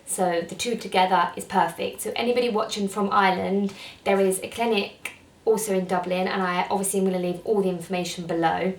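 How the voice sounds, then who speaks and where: A woman's voice: mid-range voice, fairly even intonation, a little fast. A young woman chatting to her camera in a rambling, friendly way, filling her sentences with "like". Her voice sits mid-range and sounds a little distant from the mic. The room around her echoes. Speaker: beauty vlogger. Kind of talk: casual talk to camera. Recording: roomy sound, mic set back.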